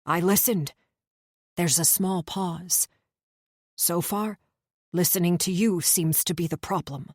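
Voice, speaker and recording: A woman narrating a first-person romance fantasy audiobook in a measured, tense storytelling manner on a close studio mic. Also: fairly low pitch, a little mellow, no room sound.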